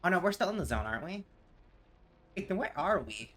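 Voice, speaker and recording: A streamer from Tennessee chats with viewers while playing a game, rambling and getting easily sidetracked. His voice is high and pushed, bright, a little fast, with big pitch swings.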